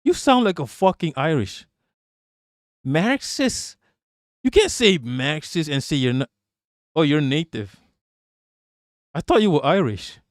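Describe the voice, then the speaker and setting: A man's voice: on the high side, very animated, normal speed, pauses often, dry recording, studio quality. Blunt, profane male streamer. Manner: blunt and profane, reacting to chat with laughter. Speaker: livestream host. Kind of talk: casual political livestream chat.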